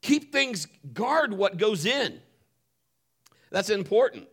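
A middle-aged pastor tells his sermon like a story, with a pitch that rises and falls widely. His voice is bright and forceful, a little high for a man, and he acts out the people in his story. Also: slow pace, long pauses, husky. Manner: animated storyteller, acts out voices, laughs while telling.

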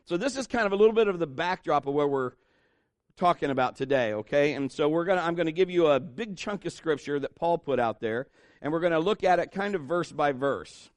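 A man's voice: on the high side, lively intonation, brisk, no room sound. A middle-aged male pastor preaching a sermon in a conversational, joking way, with asides to the congregation.

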